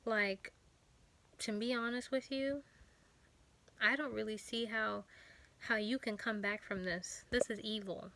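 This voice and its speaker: Female vlogger, bright tone, halting earnest delivery with lots of "um"s. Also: mid-range voice, fairly even intonation. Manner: halting, earnest, many fillers. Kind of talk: personal testimony vlog.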